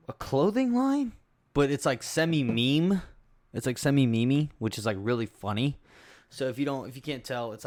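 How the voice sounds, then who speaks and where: A man's voice: mid-range voice, no echo. A young adult man hosting a podcast, rambling through stories in a loose, profane, casual way. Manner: rambling, profane, laid-back storytelling. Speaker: podcast host. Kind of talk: casual solo podcast chat.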